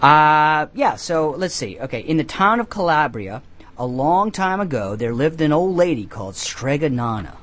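Rambling deadpan radio host, man. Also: on the high side. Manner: halting, many restarts. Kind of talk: comic call-in radio chat.

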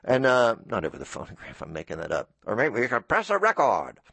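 A middle-aged man hosting a radio show, telling rambling stories and slipping into quick voices for the people he quotes. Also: mid-range voice, huge pitch swings, vocal fry, a bit bright, no echo. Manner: storytelling, puts on quoted voices. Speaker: radio host. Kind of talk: rambling monologue.

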